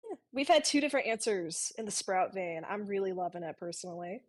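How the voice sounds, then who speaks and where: A woman's voice: medium pitch, expressive, brisk. A woman playing as a contestant in a stream trivia game, cheerful and playful. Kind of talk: casual chat during a stream game.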